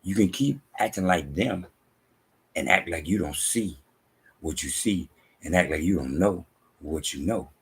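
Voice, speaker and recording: A man preaching slowly in a very deep, gravelly voice with a heavy husky rasp. He reads scripture and drives home his points by repeating them, sometimes sinking into hushed asides. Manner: repetitive, emphatic, drops to hushed asides. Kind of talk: preaching monologue.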